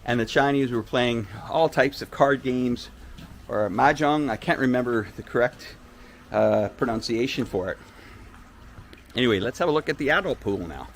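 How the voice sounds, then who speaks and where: Man, chatty tour host, mid-pitched voice, faint outdoor hiss, phone mic. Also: moderate pace. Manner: chatty, animated storytelling. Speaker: vlogger host. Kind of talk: live-stream tour commentary. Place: outdoors at a beach resort.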